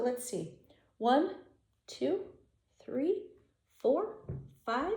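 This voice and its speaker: A woman reading a children's picture book aloud, chatting and counting along gently with young listeners. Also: high-pitched, big pitch swings, slow, long pauses. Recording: echoey room.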